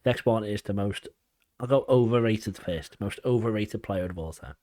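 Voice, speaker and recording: A man hosting a podcast interview, putting brisk questions to his guest. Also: on the low side, dark tone, no echo. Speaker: podcast host. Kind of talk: casual interview.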